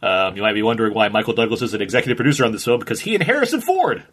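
A man's voice: lowish voice, big pitch swings, very fast, a bit bright, husky. A man in his thirties co-hosting a casual film commentary, rambling and laughing often as he talks. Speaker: podcast co-host.

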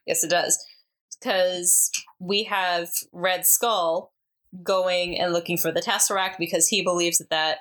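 A woman co-hosting a movie podcast in casual chat, expressive and wry. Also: on the low side, measured pace. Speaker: podcast co-host.

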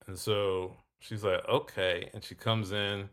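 A man's voice: fairly low pitch, slow pace. A man telling a story in casual talk, acting out both sides of a conversation. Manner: animated, acts out both sides of dialogue.

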